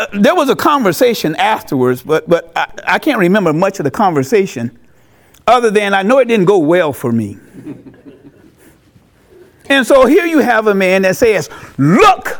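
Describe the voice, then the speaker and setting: Male pastor, sermon delivery, emphatic and repetitive, very high and lively voice. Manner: animated, emphatic, repeats key phrases.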